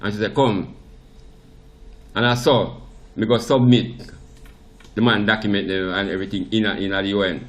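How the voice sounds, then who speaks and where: A man's voice: fairly low pitch, fairly quick. Jamaican man telling a story. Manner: animated anecdote, acts out quoted voices, frequent restarts. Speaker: priest and interview guest. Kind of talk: storytelling in conversation.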